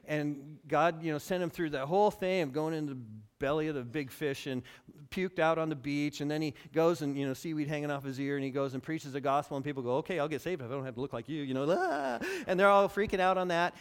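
A pastor preaching a sermon, acting out quotes and building to near shouts. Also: male voice, fairly high pitch, fairly quick, clear, resonant tone. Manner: animated, acts out quotes, rises to near shouting.

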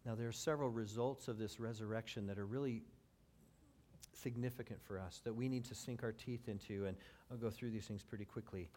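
A man preaching a sermon, swinging between loud emphatic build-ups and low, quiet passages, with wry asides to the congregation. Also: fairly even intonation, fairly quick, a little hiss or hum. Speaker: pastor.

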